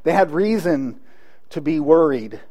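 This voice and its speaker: A man's voice: fairly high pitch, expressive, measured pace, dark tone. A man preaching a sermon, earnest, with frequent restarts and rhetorical questions to the congregation. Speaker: pastor.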